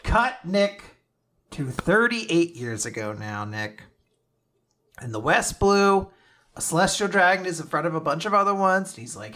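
An animated man hosts a casual podcast recap, swearing freely and laughing often. His voice is bright and sharp, pitched a little high. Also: unhurried. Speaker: podcast host. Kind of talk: casual chat recapping manga chapters.

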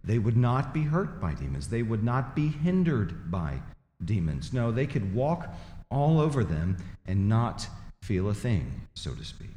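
A man's voice: on the low side, sing-song, measured pace, dark tone. A male pastor delivering a sermon to his church, speaking conversationally with dry, self-deprecating humor. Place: church sanctuary. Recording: echoey church hall.

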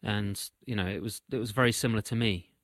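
Man of average pitch, easygoing and quick to laugh, dry close recording. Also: no room sound. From Shropshire, England. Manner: relaxed, laughs easily. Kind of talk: casual conversation.

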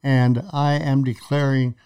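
A man's voice: mid-range voice, level tone, measured pace, a little mellow, clear, resonant tone. A man co-hosting a faith talk show, retelling Bible stories and acting out quoted lines with dramatic emphasis. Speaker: preacher co-host. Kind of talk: conversational Bible teaching.

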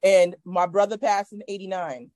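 A woman's voice: mid-range voice, fairly even intonation, normal speed, a little mellow, no echo. A middle-aged woman, a guest on a podcast, speaks earnestly about her faith over a video call, often restarting her sentences. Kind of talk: casual conversation.

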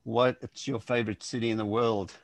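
Chuckling, hesitant podcast co-host. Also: male voice, medium pitch, little pitch movement, normal speed, no echo. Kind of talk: casual podcast chat.

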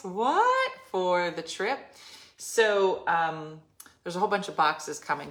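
A woman's voice: fairly low pitch, fairly bright tone. A woman hosting a casual live stream from home, chatting in a rambling way with lots of fillers. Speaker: livestream host.

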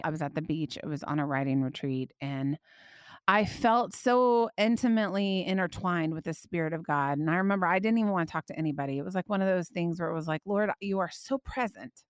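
A woman hosting a faith podcast, telling a personal story with animated, emotional delivery that climbs high when she quotes her prayers. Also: a little fast, clean tone, no echo, studio quality. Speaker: podcast host.

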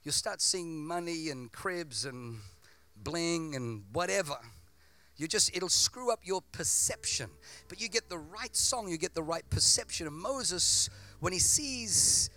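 A man's voice: fairly high pitch, lively intonation, unhurried, bright, forceful tone, faint music behind. A man preaching a sermon with impassioned, repetitive build-ups.

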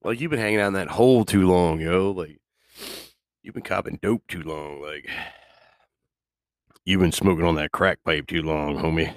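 A man's voice: low-pitched, normal speed, long pauses, dry recording, studio quality. A man hosting a radio show, rambling casually in a profane, loose way and laughing often. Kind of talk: casual solo talk.

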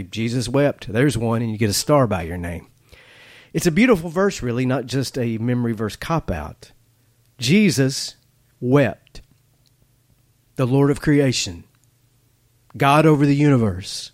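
A male pastor delivers a streamed sermon in a mid-pitched voice. He tells stories with deliberate pauses and asks his listeners pointed questions. The sound is dry and close. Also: dry recording. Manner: storytelling with dramatic pauses and rhetorical questions. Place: church, filmed for online streaming. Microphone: camera setup.

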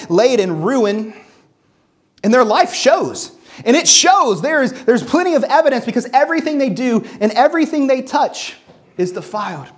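A pastor in their thirties delivers an earnest sermon at a mid-range pitch. The voice rises and falls a lot, and they repeat words for emphasis while reading scripture aloud between personal stories.

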